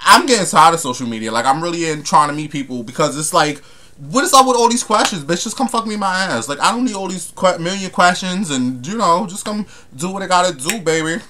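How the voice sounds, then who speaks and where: A man's voice: a little high, sharp tone. A young man, ranting to camera in a sassy, profane, emphatic way. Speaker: vlogger. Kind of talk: casual rant to camera.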